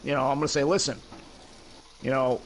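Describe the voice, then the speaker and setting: In casual voice chat with game-party friends, a father earnestly and emphatically retells a long conversation with his son, repeating "I said" over and over. His mid-range voice is brisk and fairly even, with a little hiss or hum in the background.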